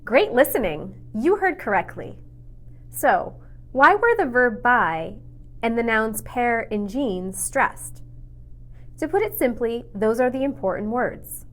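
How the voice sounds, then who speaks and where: Lively clear-voiced woman teacher. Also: on the high side. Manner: clear, deliberate teaching delivery with modeled stress patterns. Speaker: English pronunciation teacher. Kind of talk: scripted lesson narration.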